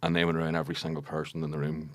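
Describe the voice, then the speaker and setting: A man in his forties with a Belfast accent, a comedian guest on a podcast telling animated stories and acting out quoted voices. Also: extremely low pitch, very fast. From Northern Ireland. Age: 40s. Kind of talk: casual podcast chat.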